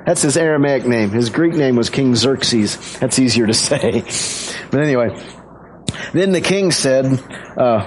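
A man's voice: mid-range voice, expressive, unhurried, a little hiss or hum, rough recording. Male pastor telling a story casually. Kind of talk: sermon.

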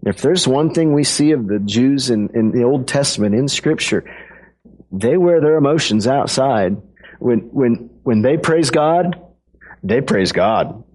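A man's voice: medium pitch, animated, a little slow, darkish tone. A man preaching a sermon to a congregation in a conversational, playful way, acting out quotes with his voice. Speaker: pastor.

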